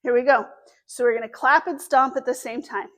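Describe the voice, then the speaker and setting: A woman librarian leading a story time for young children, animated and sing-song, speaking slowly and clearly for little ones. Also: sits high.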